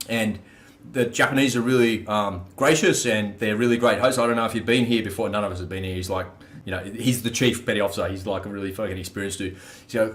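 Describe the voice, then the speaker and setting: A man in casual podcast talk, telling stories in a blunt, profane, lively way. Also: fairly low pitch, a little fast.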